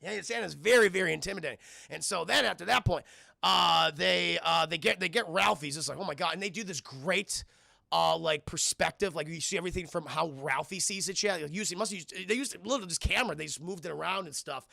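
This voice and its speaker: A young adult man, a streamer host, telling stories in an animated and profane way to his chat during a casual film review. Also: high-pitched, fairly quick, vocal fry, no echo, clean studio sound.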